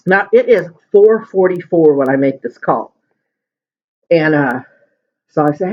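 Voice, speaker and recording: A man with a fairly high voice talks casually while he eats, rambling through a story in a chatty way. The recording sounds muffled and lo-fi, like a home video. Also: animated, measured pace, long pauses. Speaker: mukbang vlogger. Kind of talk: casual chat while eating. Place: at home at the dinner table.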